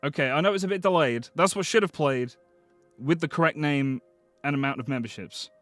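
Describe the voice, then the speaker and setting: A man streaming live, chatting casually with viewers, excitable and swearing often as he thanks them. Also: on the high side, fairly quick, dry recording, faint music behind. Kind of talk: casual livestream chat.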